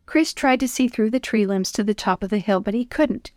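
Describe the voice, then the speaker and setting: A woman narrating a children's story in a gentle, clear reading voice. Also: mid-range voice, fairly quick, no echo, clean studio sound.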